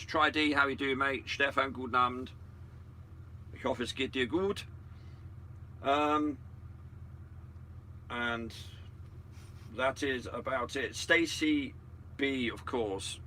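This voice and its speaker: A man's voice: mid-range voice, bright, forceful tone, a little hiss or hum. A man hosting a casual chat, greeting viewers one by one with sarcastic banter. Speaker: channel host.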